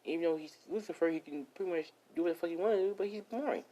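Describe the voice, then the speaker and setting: A man voicing a small, cheeky male gingerbread man who chatters in a whiny, high-pitched voice. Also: rapid-fire, warm tone, dull audio, lightly acted. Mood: pestering.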